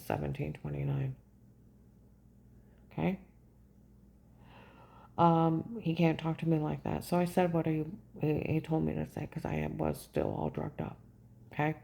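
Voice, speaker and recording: Low raspy-fried woman vlogging, rambly and worked up, lots of okay?. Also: dark tone. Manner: agitated, repeats "okay?" and trails off. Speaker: vlogger recounting a personal ordeal. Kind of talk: rambling first-person storytelling.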